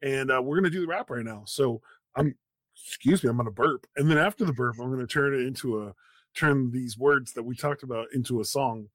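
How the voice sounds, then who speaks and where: A man who is a father hosts a casual livestream chat, talking in an animated, self-deprecating way. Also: mid-range voice, fairly quick, no room sound. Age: young adult to middle-aged, a father. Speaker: host.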